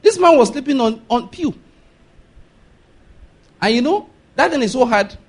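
A Nigerian-accented man preaching a sermon, animated, laughing often and asking the congregation if they follow. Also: very high voice, a little slow, husky.

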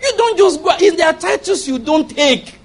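A man's voice: very high voice, lively intonation, moderate pace, creaky. A man preaching a sermon, firing rhetorical questions at the congregation and repeating key phrases for emphasis.

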